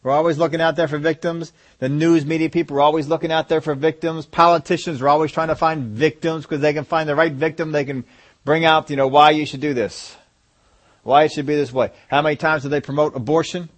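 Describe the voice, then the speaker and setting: A man's voice: fairly high pitch, fairly even intonation, a little fast. A man preaching a sermon, asking the congregation rhetorical questions and driving his points home with emphasis.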